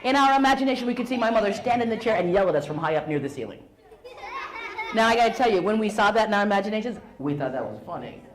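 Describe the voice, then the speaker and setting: A woman's voice: medium pitch, lively intonation, quick pace. A middle-aged woman storyteller speaking playfully and animatedly to an audience of schoolchildren in a school hall. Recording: roomy echo, faint hall noise.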